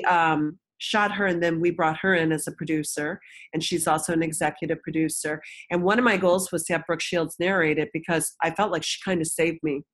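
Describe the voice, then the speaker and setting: Low-voiced woman telling a candid story. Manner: frank and emotional, acts out quoted voices. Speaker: interview guest.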